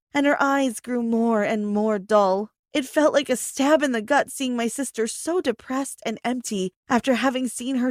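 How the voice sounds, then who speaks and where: A woman's voice: on the high side, no room sound, clean studio sound. A young woman telling a first-person story as scripted narration, earnest and emotional. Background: faint background music.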